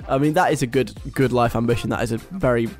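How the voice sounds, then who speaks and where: Soft music plays beneath this casual radio talk as a young British man reads out a list and mocks it with dry, chatty humor. He speaks quickly in a mid-range voice.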